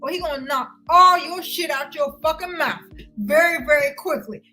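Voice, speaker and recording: High, bright, heated woman ranting. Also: normal speed, faint music behind, low-quality recording. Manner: loud, heated and confrontational, with frequent cursing. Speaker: vlogger ranting to viewers. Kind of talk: profane livestream rant.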